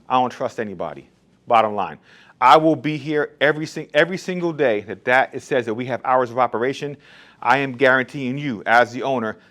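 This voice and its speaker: A man's voice: mid-range voice, a bit bright. A man who owns a barbershop, talking bluntly and emphatically in a casual monologue about his shop rules. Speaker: barbershop owner. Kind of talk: casual straight-talk monologue.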